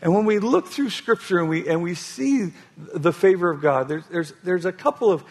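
A man preaching a sermon, with a husky voice, often restarting phrases and telling an animated story. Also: sits high, moderate pace.

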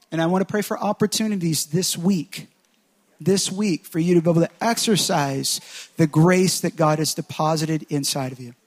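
A man preaching to a congregation, calling people to stand and praying over them in an exhorting tone. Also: high voice. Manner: exhorting, repetitive restarts building in intensity. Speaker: preacher leading a church service. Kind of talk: sermon with altar call and prayer.

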